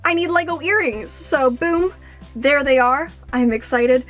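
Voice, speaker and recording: Bubbly young woman unboxing stuff at home, high voice, soft music under it. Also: measured pace. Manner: gushing, excitable, fillers like "oh my gosh". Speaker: YouTuber. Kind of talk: unboxing vlog.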